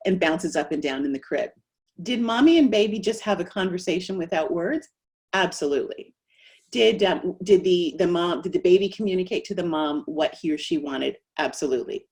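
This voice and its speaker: A middle-aged woman, a speech-language pathologist, giving an animated webinar presentation. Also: lowish voice, a little fast. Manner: animated, acts out quoted voices.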